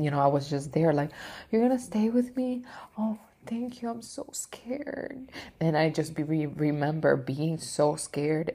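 A woman's voice: deep voice, warm tone. A woman vlogger telling a personal story in an emotional, rambling way, with lots of fillers and the odd swear.

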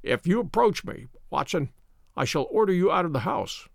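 A gravely ill detective with a weak, croaking voice, gasping between short orders, as a man puts him on. His commands are sharp and imperious, and he sounds feverish and weary. The recording is close and dry, with no room sound. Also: fairly high pitch, very animated, normal speed, dry recording. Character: gaunt feverish sick male detective, imperious.

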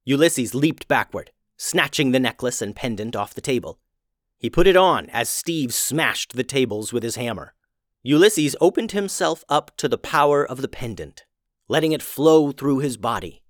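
A man narrating a fantasy story in an expressive storytelling voice. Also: medium pitch, normal speed, no echo, studio quality.

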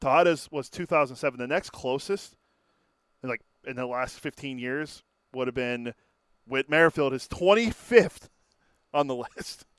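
A man's voice: medium pitch, fairly even intonation, moderate pace, a bit bright, smooth, dry recording. A man co-hosting a sports talk show, looking up and reading out stats in a matter-of-fact way. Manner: matter-of-fact, reads out numbers.

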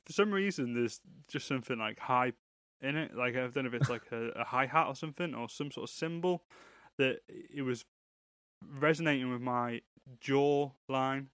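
A man's voice: mid-range voice, moderate pace, fairly bright tone, clean tone, no room sound, clean studio sound. A man co-hosting a casual music-review chat, rambling and joking loosely. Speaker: podcast co-host reviewing music.

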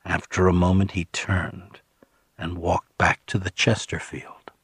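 A man narrating an audiobook in the first person, in a measured, steady manner, on a close studio mic. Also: sits low, slightly rough, no echo.

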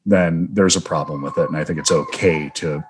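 A man's voice: extremely low pitch, fairly quick, slight background noise. A man hosting a film interview who talks in long, thoughtful, rambling reflections. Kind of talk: conversational interview.

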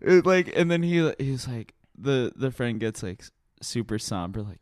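A man's voice: medium pitch, no echo, studio quality. A man co-hosting a casual chat, rambling and laughing as he retells scenes. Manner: rambling, laughing, quick retellings with put-on quotes.

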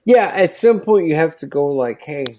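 A man's voice: on the high side, lively intonation, normal speed, a little mellow. A tired man chatting casually as a podcast guest, blunt and swearing freely. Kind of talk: casual late-night chat.

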